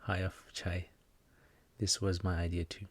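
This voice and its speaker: A man hosting a casual livestream Q&A, answering religious questions and reading viewer comments in a relaxed, joking manner. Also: sits low, measured pace, husky, dry recording.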